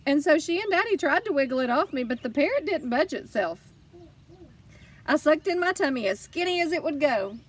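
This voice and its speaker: A woman narrating a children's audiobook in first person, lively and expressive. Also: high voice, fairly quick, far from the mic. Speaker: audiobook reader.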